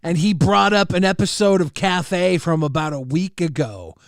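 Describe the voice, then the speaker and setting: A man's voice: high voice, normal speed, dry recording, clean studio sound. A man co-hosting a casual livestream chat, laughing often, swearing and reading viewer messages aloud. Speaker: co-host.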